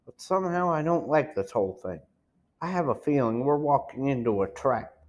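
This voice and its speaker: A man voicing a cautious teenage boy detective in an audiobook, speaking low and hushed. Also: animated, moderate pace, close to an everyday voice. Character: tense teenage boy detective, older brother.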